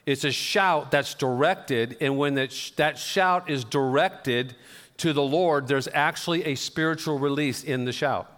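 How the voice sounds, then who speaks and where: A man's voice: a little high, measured pace, a bit bright. Man preaching in a reverberant church. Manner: conversational, self-deprecating storytelling with gestures. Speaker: pastor. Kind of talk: sermon. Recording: long reverb of a church hall.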